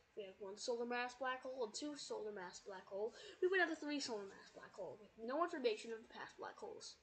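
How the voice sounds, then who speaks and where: A woman streamer in a put-on British accent, casually rambling as she explains a physics sandbox game while playing. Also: on the high side. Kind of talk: casual gameplay commentary.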